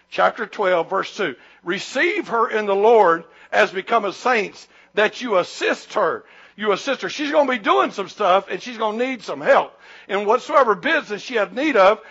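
Preacher man, high voice, gets loud and punchy then drags words out slow, kinda muffled lo-fi church audio. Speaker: pastor. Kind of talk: sermon.

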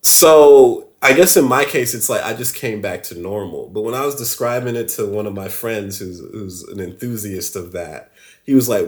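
A man telling a story as a podcast guest, animated and loose, acting out the other people's voices and laughing often. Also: on the low side, moderate pace. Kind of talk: casual storytelling.

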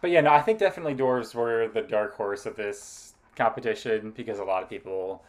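A man co-hosting a podcast, chatting in a relaxed way with plenty of filler words. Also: on the low side, a little fast. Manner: relaxed, filler-heavy, laughs easily. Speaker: podcast co-host. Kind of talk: casual chat.

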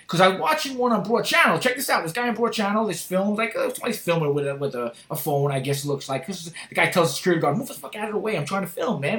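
A man hosting a podcast, telling stories in an animated, profane way. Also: high-pitched, brisk, echoey room. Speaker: podcast host. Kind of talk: casual chat.

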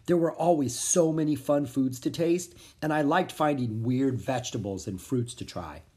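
An expressive reader narrating a children's storybook aloud in first person. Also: mid-range voice, normal speed. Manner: expressive, animated. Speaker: audiobook narrator.

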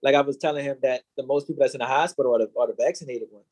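A man in casual conversation, talking animatedly and swearing often, with jumps into a higher voice when he mimics others. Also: racing, darkish tone. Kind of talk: casual chat.

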